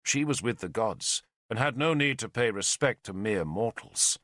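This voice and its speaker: A man narrating an audiobook in a dramatic, measured storytelling way. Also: lowish voice, lively intonation, fairly bright tone, no echo, clean studio sound.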